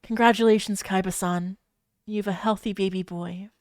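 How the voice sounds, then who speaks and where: A woman voicing a brisk female hospital nurse in a fanfiction reading, urgent and coaxing. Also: medium pitch, steady tone, a little mellow, dry recording, studio quality, lightly acted. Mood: gentle.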